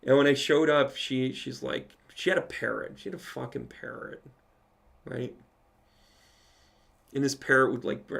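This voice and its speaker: During a live Q&A, a psychic medium with a gravelly, mid-pitched male voice tells a long personal story. He is animated and casual, lets slip the odd swear word, and keeps a measured pace with frequent pauses.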